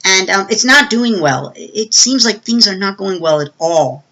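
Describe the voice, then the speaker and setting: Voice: mid-range voice, expressive, moderate pace, bright, forceful tone, low-quality recording. A movie reviewer giving a casual, rambling plot recap with many fillers and restarts.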